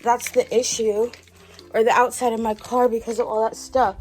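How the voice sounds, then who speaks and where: A young woman vlogging casually to her viewers from her car, expressive and exasperated, calling them y'all. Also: on the high side, moderate pace. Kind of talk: casual vlog talk to camera. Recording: background music under voice.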